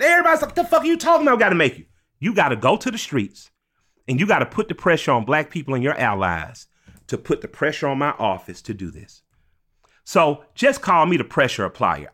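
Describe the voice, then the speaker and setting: A man's voice: a little high, bright, forceful tone. A man from Georgia, speaking as a podcast guest in a blunt, emphatic, sometimes profane way. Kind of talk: impassioned conversation.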